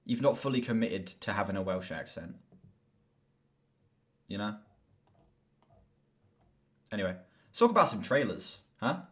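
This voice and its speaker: A young man chatting casually on a live stream about movies, excitable and swearing freely. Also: fairly low pitch, a little slow, long pauses, slight background noise.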